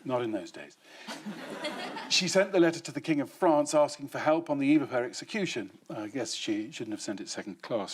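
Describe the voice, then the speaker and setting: Man hosting a studio panel show, deadpan quips, lively intonation. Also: on the high side, a little hiss or hum. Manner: dry, deadpan punchline delivery. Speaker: guest quiz host. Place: TV studio with live audience.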